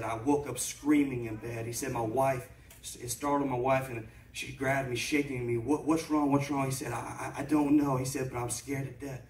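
A man telling a story in a sermon, building up to loud preaching. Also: mid-range voice, a little hiss or hum. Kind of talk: sermon testimony. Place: church sanctuary. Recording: echoey church from far off.

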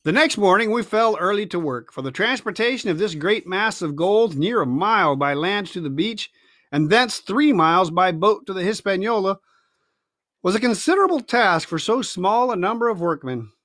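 A man reading a classic adventure novel aloud with expressive storytelling. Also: sits high, moderate pace, no echo, studio quality. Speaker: reader.

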